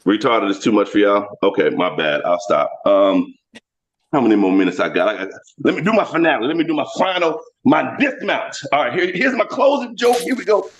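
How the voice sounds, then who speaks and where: A man doing a brash, crude stand-up set over a video call, swinging between loud shouted bits and low mutters. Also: very animated, fairly quick. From Florida. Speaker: stand-up comedian. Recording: dull lo-fi video call audio.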